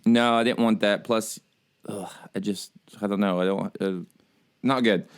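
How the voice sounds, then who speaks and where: A man's voice: lowish voice, fairly even intonation, unhurried, clean tone. Sleepy laid-back man co-hosting. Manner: laid-back, rambling, laughs easily. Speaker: podcast co-host. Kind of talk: casual chat.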